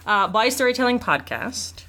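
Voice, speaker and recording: Woman hosting a podcast, bouncy animated voice, lots of laughs and mm-hmms. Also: on the high side. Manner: laughs often, quick affirming interjections. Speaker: podcast host. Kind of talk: casual chat.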